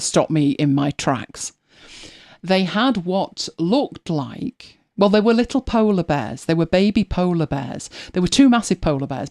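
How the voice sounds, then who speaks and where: A woman's voice: low voice, a little mellow. A British woman hosting a live show in casual chat, telling rambling stories with frequent restarts and self-corrections. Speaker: host.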